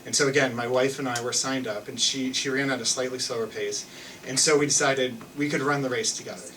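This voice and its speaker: A man's voice: mid-range voice, fairly even intonation, fairly quick, recorded from a distance, noisy background. A young man telling a personal story on stage in a loose, self-mocking way, full of restarts and fillers. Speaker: live storyteller. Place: theater stage with an audience.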